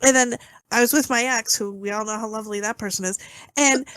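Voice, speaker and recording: A woman's voice: fairly high pitch, fairly quick, no room sound. A woman co-hosting a casual movie review podcast, telling stories with lots of swearing and squealing outbursts. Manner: expressive storyteller, swears, squeals in retelling. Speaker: podcast co-host.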